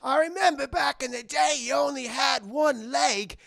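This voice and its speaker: A doddering, half-blind old rat cabin boy, squawking his words high and stretched out. The voice is bright and gravelly, swinging all over its range. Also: full character voice. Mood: excited. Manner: shrill, shouting, drawn-out.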